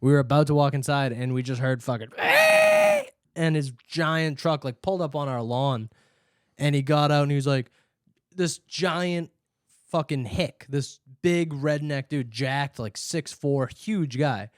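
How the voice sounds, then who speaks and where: A man's voice: mid-range voice, unhurried, no echo, clean studio sound. A man co-hosting a podcast in casual chat, telling stories with lots of laughter. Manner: laughing storyteller, animated when telling stories. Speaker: podcast co-host.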